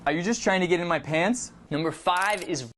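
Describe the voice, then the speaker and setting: A man's voice: high voice, fairly quick, fairly bright tone, slight background noise. A man presenting a dating advice video, explaining steadily and acting out sample lines in playful voices. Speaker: dating coach.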